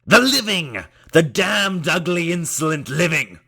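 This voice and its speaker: Venomous possessed robot. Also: male voice, medium pitch, expressive, unhurried, bright, forceful tone, voice pushed up. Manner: snarling, hateful, theatrical. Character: venomous male robot possessed by an old spirit. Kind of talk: audiobook character voice.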